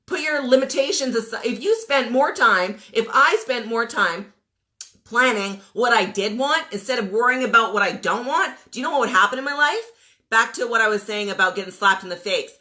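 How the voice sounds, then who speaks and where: A woman's voice: on the high side, animated, fairly quick, pushed and bright. A woman in her forties giving a motivational rant as a coach, emphatic and blunt, firing rhetorical questions and repeating commands. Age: 40s. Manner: blunt, mild swearing.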